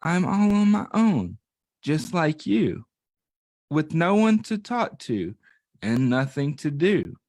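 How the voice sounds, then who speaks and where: A man voicing a small, shy, lonely boy in a children's picture book read-aloud, soft and pleading. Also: on the high side, sing-song, slow, full character voice. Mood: timid pleading.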